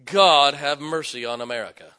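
A man's voice: a little high, normal speed, bright, forceful tone, clean tone. A middle-aged man preaching a sermon, joking and folksy, with sudden emphatic rising bursts. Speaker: pastor. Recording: long hall reverb.

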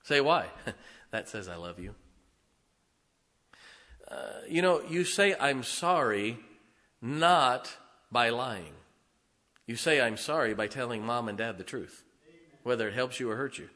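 A middle-aged male pastor preaching in a church, his voice bright and forceful as it rings through a long reverb. He jumps from emphatic outbursts to hushed, confiding asides and keeps chuckling between points. It sounds like an everyday congregation sermon. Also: mid-range voice, expressive, a little slow, pauses often. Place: church sanctuary.

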